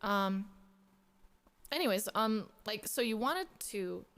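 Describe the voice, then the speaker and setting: A woman's voice: medium pitch, expressive, slow, fairly bright tone. A woman livestreamer telling a long joke to her chat in a chatty, playful way. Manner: chatty, playful, swears when riled. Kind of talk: casual joke storytelling to chat.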